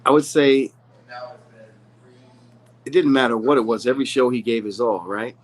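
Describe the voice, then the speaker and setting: Male interview guest, earnest storyteller, even middle voice. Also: mid-range voice, normal speed, poor audio. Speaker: rapper's manager, interview guest. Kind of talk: candid interview conversation.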